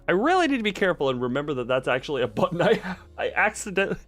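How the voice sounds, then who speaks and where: A man's voice: fairly high pitch, very animated, very fast, dry recording. A man chatting casually on a stream, rambling and self-deprecating, into a desk microphone at home. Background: soft background music.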